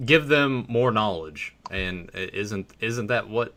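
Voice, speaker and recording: Bright-voiced man telling podcast stories. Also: on the low side, animated, takes it slowly. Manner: storytelling, mimics others' voices. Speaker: podcast co-host. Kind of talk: casual podcast chat.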